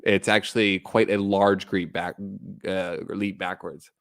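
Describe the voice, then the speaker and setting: Male streamer in his thirties, casual and profane, smooth voice, dry close-mic sound. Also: low voice, little pitch movement, unhurried, dry recording. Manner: blunt, profane, rambling, reads chat aloud. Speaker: livestream host. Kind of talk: casual livestream chat.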